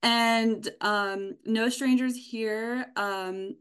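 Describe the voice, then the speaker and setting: A woman's voice: fairly high pitch, steady tone, very slow, a bit bright, clear, resonant tone. A woman from a bookstore team chatting casually and enthusiastically about books she recommends, with frequent ums and restarts. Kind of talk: casual book recommendation chat.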